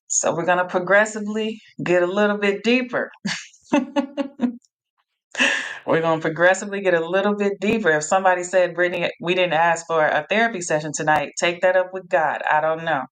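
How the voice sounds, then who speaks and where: Woman, low voice, live-stream Q&A host, encouraging, repeats herself. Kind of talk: live-streamed Q&A, reading chat replies.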